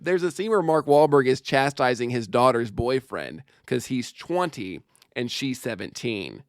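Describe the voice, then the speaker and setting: Male podcast host, lively swinging delivery, jokey and fast-talking, close dry mic. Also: mid-range voice, no room sound. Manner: jokey, animated, laughs often, quick asides. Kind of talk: casual chat.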